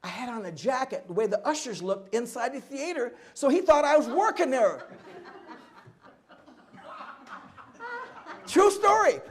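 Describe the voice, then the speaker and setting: A man in his seventies, a guest at a live oral history event, telling stories from his life in an animated way and acting out both sides of each conversation. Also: very high voice, takes it slowly, long pauses, breathy edge. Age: 70s. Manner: animated storyteller who acts out dialogue and laughs often.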